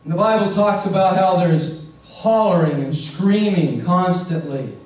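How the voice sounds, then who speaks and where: A man's voice: sits high, a little slow, a little mellow. A male pastor preaching a sermon, earnest and questioning his listeners directly, leaning hard on key words. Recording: echoey room, voice from far off.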